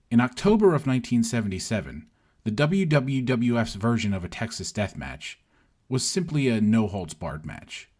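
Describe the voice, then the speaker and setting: A man narrating a scripted history podcast in a measured, wry storytelling manner. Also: fairly low pitch, a little mellow, breathy edge.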